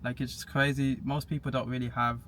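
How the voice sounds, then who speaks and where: A man's voice: medium pitch, little pitch movement, a little fast, fairly bright tone. A young man chatting casually as a podcast guest, matter-of-fact and laughing at himself now and then. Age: young adult. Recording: faint background hiss.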